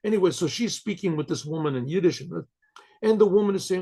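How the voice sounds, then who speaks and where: A rabbi relates a story in a loose, conversational style. He clears his throat often and restarts his sentences. The voice is gravelly and husky, and a little high for a man. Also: expressive, fast, mellow.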